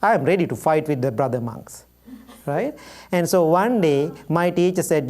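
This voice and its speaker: A Buddhist monk teaching in a warm, mellow voice. He tells stories vividly and acts out the dialogue in simple, direct words. He chuckles often as he speaks. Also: fairly high pitch, normal speed. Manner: lively storyteller who acts out dialogue, simple direct phrasing. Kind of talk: dharma talk with personal anecdotes.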